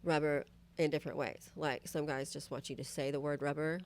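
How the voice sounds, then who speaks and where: A young woman with a notably low voice tells candid stories on a podcast. She talks in a loose, rambling way, packing her sentences with "like" and "you know what I mean". She keeps it animated and acts out the people she quotes. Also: a little fast, slight background noise. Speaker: podcast guest. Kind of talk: casual chat, candid storytelling.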